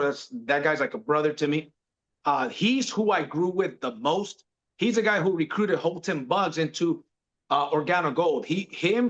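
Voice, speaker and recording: A man's voice: fairly high pitch, fairly bright tone. Man casual, bro-talking storyteller. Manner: laid-back, peppers speech with "bro". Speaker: podcast guest. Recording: dull lo-fi sound.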